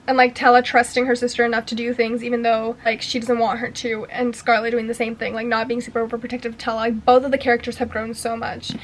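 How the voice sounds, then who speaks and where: A young book vlogger with a fairly high voice gushes about books casually, throwing in slang and swearing, totally absorbed in the story. She talks fast and monotone with hardly any pauses, over a rough recording with a bit of hiss or hum.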